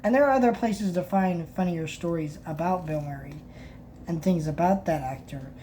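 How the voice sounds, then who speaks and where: A woman with a lowish, mellow voice reads passages from a book aloud and comments on them in a casual review. She often stops and restarts mid-sentence. A faint hum sits under the recording. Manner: halting, many restarts and fillers.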